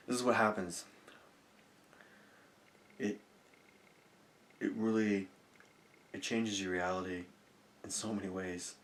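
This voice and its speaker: A man talking to camera, walking viewers through a visualization technique, murmuring affirmations softly and explaining in eager, rambling bursts. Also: low voice, fairly even intonation, takes it slowly, long pauses. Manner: drops to soft, murmured affirmations, laughing often. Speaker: self-help vlogger. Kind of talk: guided visualization demonstration to camera. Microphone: camera mic.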